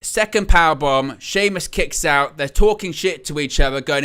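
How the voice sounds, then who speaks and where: Male watch-along host, fairly high and sharp voice, excitable, exclamatory. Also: a little slow, few pauses, clear, resonant tone. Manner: excitable, exclamatory, repeats phrases. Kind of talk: live reaction commentary.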